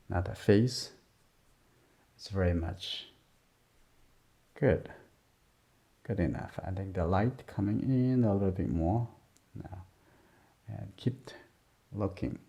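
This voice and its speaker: Soft-spoken low gravelly male art teacher. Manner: soft-spoken, murmuring, simple broken phrasing. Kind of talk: drawing lesson narration while working. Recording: dull lo-fi sound.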